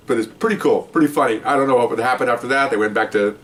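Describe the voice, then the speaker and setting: A man's voice: medium pitch, fast, few pauses. An older man, a retired police officer, telling a casual, chuckling anecdote to camera. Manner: animated, chuckling, folksy. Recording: distant mic with faint ambient noise.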